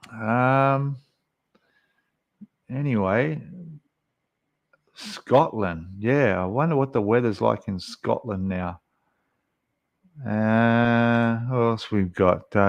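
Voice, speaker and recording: A man's voice: medium pitch, dry recording, highs cut off. An Australian man hosting a casual live stream, rambling and chatty as he reads out viewer comments. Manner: rambling, chatty, lots of fillers.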